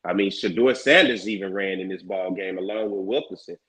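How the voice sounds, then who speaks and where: A man on a sports talk show, analyzing a football game in a measured way and asking rhetorical questions. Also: sits low, fairly bright tone, low-quality recording. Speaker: show panelist.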